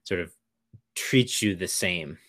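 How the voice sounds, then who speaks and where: A man's voice: deep voice, slow pace, a bit bright. A man co-hosting a podcast, speaking reflectively and hesitantly with many fillers. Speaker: podcast co-host. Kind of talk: casual podcast conversation.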